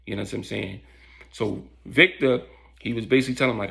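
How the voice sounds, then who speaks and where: A man's voice: fairly low pitch, steady tone, a little fast, gravelly, pushed and bright. A man casually telling a story in loose street slang, with lots of fillers.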